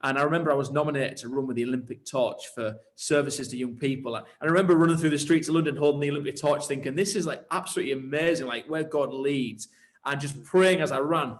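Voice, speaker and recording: A man who leads churches tells his story in an interview with animated enthusiasm. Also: mid-range voice, fast talker. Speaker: church leader and pastor.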